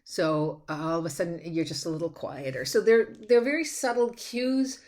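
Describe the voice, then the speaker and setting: A woman's voice: fairly low pitch, normal speed, a little mellow. A woman college instructor giving a recorded lecture on slides, talking conversationally with frequent restarts and fillers.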